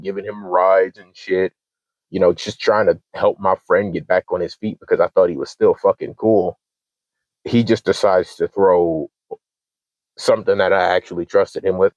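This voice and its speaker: A young man with a low, deep voice tells a long story in a heated, profane rant, acting out both sides of an argument. The sound is dull and lo-fi, dry with no room echo. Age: 20s. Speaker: channel host.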